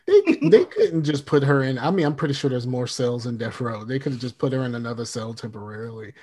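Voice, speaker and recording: Male co-host, husky voice, dry and profane, tosses in off-hand asides. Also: mid-range voice, big pitch swings, quick pace, darkish tone. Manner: wry, profane, mutters off-hand comments. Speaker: podcast co-host. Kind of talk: casual chat.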